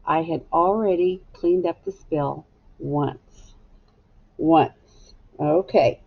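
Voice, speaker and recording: A woman teaches a phonics lesson to young children, spelling each word slowly and patiently, one letter at a time. Her voice has a gravelly edge at a middle pitch, and she speaks at a very unhurried pace. The sound is dull and lo-fi, like a home-made video.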